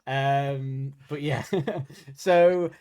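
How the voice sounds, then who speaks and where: Chatty Irish podcast host. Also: male voice, mid-range voice, fairly even intonation, very slow, a little mellow, clean tone. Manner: rambling, laughs often. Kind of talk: casual chat.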